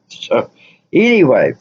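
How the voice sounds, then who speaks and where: A woman's voice: rumbling low, wildly swooping pitch, drawn-out words, darkish tone, breathy edge, lo-fi sound. A woman vlogger telling a story casually, rambling and full of "you know" fillers.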